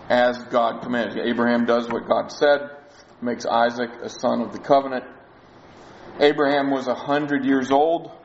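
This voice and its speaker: A man's voice: mid-range voice, lo-fi sound, a little hiss or hum. Conversational male preacher explaining scripture. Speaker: pastor. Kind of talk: sermon.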